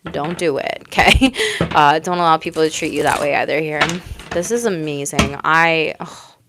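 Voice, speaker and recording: A woman's voice: deep voice, moderate pace, noisy background. A woman giving a live tarot reading to her chat. She talks casually, gushes and laughs often, and swears freely. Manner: excitable, gushing, laughs often. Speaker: tarot reader.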